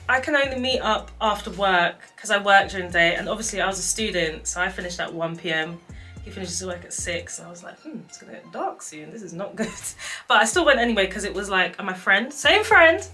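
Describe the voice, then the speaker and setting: A woman's voice: medium pitch, a little fast, soft background music. A young woman in her twenties casually telling dating stories, acting out what people said and laughing often. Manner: animated, acts out quotes, laughs often. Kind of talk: casual storytelling chat.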